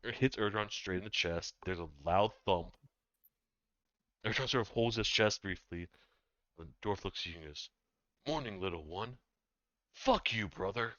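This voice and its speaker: A man narrating as game master of a tabletop game, halting with many ums and restarts, in dull, dry lo-fi audio. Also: sits low, a bit bright, dry recording.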